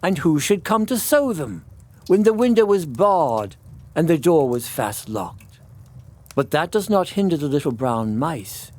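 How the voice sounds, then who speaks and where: A man, a priest, reading a classic children's story aloud in an expressive, melodic way. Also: fairly high pitch. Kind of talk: storybook narration.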